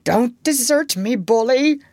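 A woman's voice: a little high, expressive, slow pace, a little mellow, no echo, voice pushed up. A woman voicing a proud, brooding male pirate captain in a storybook reading, declaiming theatrically. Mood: broken.

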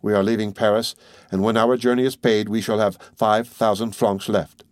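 Guy reading a proud broke young nobleman, formal and measured, lowish voice, storybook. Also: little pitch movement, no echo, clean studio sound, lightly acted. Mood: dignified.

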